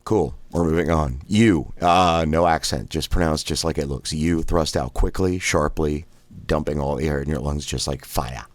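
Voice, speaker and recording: A man guiding follow-along voice exercises, counting out reps and cracking relaxed jokes between drills. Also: very deep voice, moderate pace, dry recording. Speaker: voice exercise guide.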